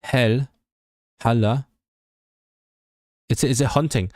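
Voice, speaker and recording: This young man is running a casual livestream study session, thinking aloud, tripping over words and fixing them as he alternates reading with chat. He speaks slowly with a medium pitch and steady tone. The sound is studio quality, without room noise.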